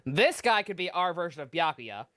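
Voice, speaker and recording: A woman's voice: lowish voice, big pitch swings, normal speed, a bit bright. A young woman streaming a game, chatting casually, swearing and laughing often. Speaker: let's play streamer. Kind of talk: game commentary.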